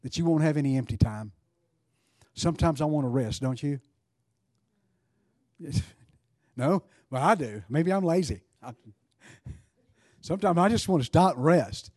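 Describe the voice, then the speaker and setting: A man's voice: on the high side, lively intonation, unhurried, long pauses, dry recording. A male pastor preaching a sermon, asking rhetorical questions and leading altar prayer. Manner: rises to fervent, louder prayer.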